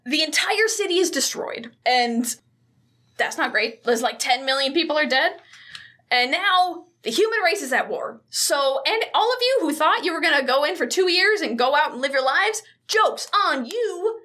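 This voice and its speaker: A woman's voice: high-pitched, expressive, moderate pace, sharp tone. A woman co-hosting a podcast, recapping a movie in casual chat, swearing freely and acting out the characters. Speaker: podcast co-host.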